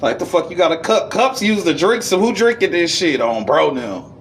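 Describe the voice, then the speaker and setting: A man giving a casual esoteric lecture, reading passages aloud and riffing on them in profane street slang, swinging between high and low registers. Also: very animated, normal speed, a little hiss or hum. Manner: reads passages, then riffs in profane slang.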